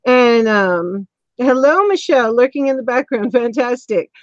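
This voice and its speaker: A woman's voice: fairly high pitch, expressive, a little slow, dry recording. Rambling woman host, dull dry sound. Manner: rambling, many ums and restarts. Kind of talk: casual interview chat.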